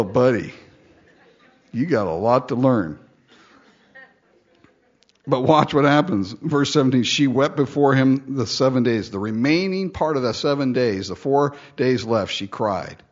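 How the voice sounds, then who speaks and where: A man preaching a sermon in a joking way, acting out the story in voices. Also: mid-range voice. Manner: animated, joking, acts out the lines in voices. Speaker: pastor. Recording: dull, lo-fi sound.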